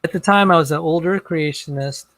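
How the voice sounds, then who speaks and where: Higher-voiced man, halting and rambling. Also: a bit bright, no echo, poor audio. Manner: rambling, halting, with many restarts. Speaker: interview guest. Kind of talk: casual conversation.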